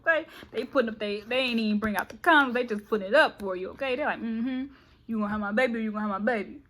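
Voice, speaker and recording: A woman's voice: on the high side, pushed and bright. Chatty woman giving a playful tarot reading. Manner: fast, chatty, playful, keeps saying okay. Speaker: tarot reader.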